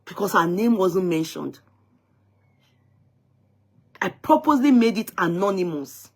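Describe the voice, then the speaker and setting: A woman's voice: medium pitch, animated, a little slow. A woman hosting a live-stream talk show, speaking in an emphatic, indignant way and often repeating herself as she recounts a dispute. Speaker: host of an online talk show.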